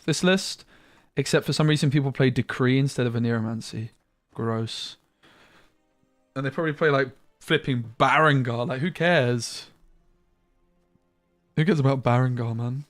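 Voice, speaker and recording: A man's voice: medium pitch, moderate pace, no echo, clean studio sound, faint music behind. A man streaming a card game, chatting casually and muttering asides with mild slang. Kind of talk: casual gameplay commentary.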